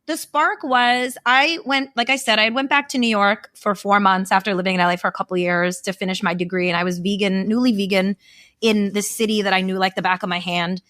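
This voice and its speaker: Young woman guest, candid storyteller, swears easily, mid-pitched, dry mic. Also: steady tone, a little fast, fairly bright tone, no room sound. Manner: candid and profane, chatty. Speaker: guest, event founder. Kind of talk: casual podcast interview storytelling.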